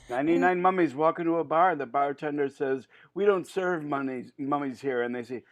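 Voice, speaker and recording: A man's voice: a little high, normal speed. A man improv performer riffing jokes in a playful, chuckling way on a video call. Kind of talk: improvised joke-telling.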